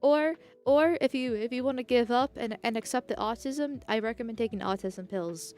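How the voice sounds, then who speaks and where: Rambling woman streamer, higher voice. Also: moderate pace, darkish tone. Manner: rambling, laughs often between tangents. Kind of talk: casual live-stream chat.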